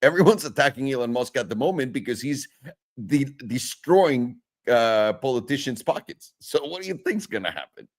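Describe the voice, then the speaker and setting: A man hosts a trading stream in a casual, joking way, laughing often. His pitch moves around a lot as he talks, sitting in a middle range. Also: lively intonation, moderate pace. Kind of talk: casual chat and market commentary.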